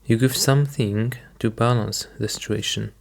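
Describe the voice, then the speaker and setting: A man's voice: mid-range voice, steady tone, normal speed, creaky. A man teaching English vocabulary, patiently repeating each word and explaining it with simple examples. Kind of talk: slow, careful teaching.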